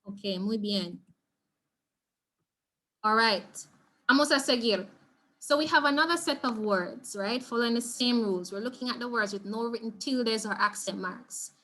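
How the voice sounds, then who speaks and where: A woman's voice: on the high side, normal speed, fairly bright tone. A woman with a Jamaican accent teaching an online Spanish revision lesson, encouraging and repeating words for students to drill. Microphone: video call.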